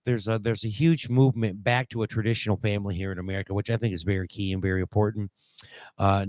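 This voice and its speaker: A man hosting a call-in talk show, rambling and halting with many fillers and restarts as he reads posts aloud. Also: on the low side, no echo. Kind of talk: casual call-in show commentary.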